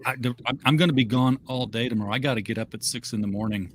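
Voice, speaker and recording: A man's voice: mid-range voice, quick pace. Brief: man from Southern Illinois, rambling co-host, faint room hiss. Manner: rambling, stammering restarts. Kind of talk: casual chat. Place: home.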